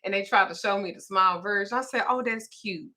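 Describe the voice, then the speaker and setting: A woman's voice: mid-range voice, fairly quick, pushed and bright. A grandmother talking casually, blunt and profane, laughing as she tells stories. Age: older. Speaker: host. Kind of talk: casual chat.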